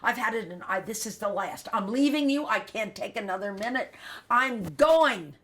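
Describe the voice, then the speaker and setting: A woman's voice: lowish voice, wildly swooping pitch, a little fast. A woman voicing her elderly mother, scolding and fed up with her husband. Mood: angry. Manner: loud, scolding, clipped. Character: fed-up elderly wife, sharp and indignant.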